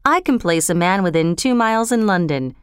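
A brisk, condescending male speech expert, as a woman reader puts him on. Storybook narration with lively pitch and a smooth, clear voice. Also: no echo, clean studio sound, lightly acted. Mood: confident.

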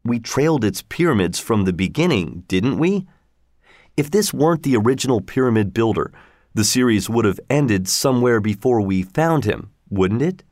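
A man's voice: medium pitch, lively intonation, normal speed, darkish tone, no echo, studio quality, natural voice. A man as an earnest explorer explaining. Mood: patient. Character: seasoned male space explorer telling his tale. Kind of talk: audiobook character voice.

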